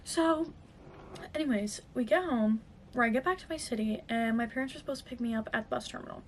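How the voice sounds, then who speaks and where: Chatty high-voiced young woman vlogger. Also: fast, a little hiss or hum. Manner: chatty, lots of fillers and "like". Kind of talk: casual storytime chat.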